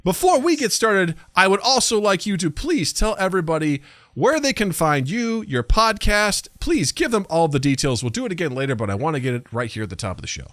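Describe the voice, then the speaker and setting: A man's voice: sits high, sing-song, fairly quick, fairly bright tone, dry recording, clean studio sound. A man hosting a podcast in a casual, goofy, self-mocking way. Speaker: podcast host.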